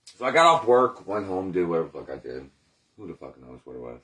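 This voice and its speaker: A man's voice: low voice, sing-song, quick pace, a bit bright. A man in recovery telling his story in a candid, rambling monologue, swearing often and questioning himself aloud. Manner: rambling, profane, self-questioning.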